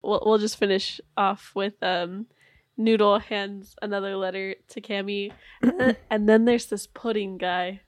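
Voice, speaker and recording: A woman's voice: medium pitch, steady tone, measured pace, no room sound. Upbeat woman player at a game table.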